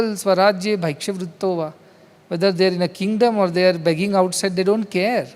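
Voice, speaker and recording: A high-pitched man with an Indian English accent, a spiritual teacher, gives a discourse in a large hall with a big-room sound. He talks conversationally and acts out quoted dialogue in his stories.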